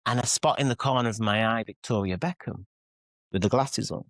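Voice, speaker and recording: Fairly low in pitch and a little fast, this Mancunian man in his forties, a pop singer and author, speaks as an interview guest with no room sound. He tells frank stories at his own expense, rambling, restarting frequently and acting out what people said.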